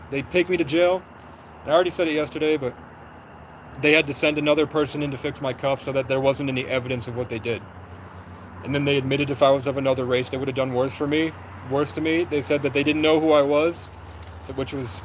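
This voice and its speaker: A young man on a livestream, recounting events in an agitated, rapid way and acting out what people said. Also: mid-range voice, a little hiss or hum, poor audio. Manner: agitated, rapid storytelling with reenacted quotes. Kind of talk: livestream monologue.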